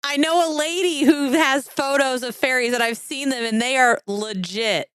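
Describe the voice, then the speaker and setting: A high-pitched woman from the Midwest who co-hosts a podcast and giggles often. She talks with enthusiasm and exaggerates for fun, recorded on a close, dry mic. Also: moderate pace, a bit bright, clear, resonant tone, no echo. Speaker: podcast co-host. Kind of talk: casual podcast chat.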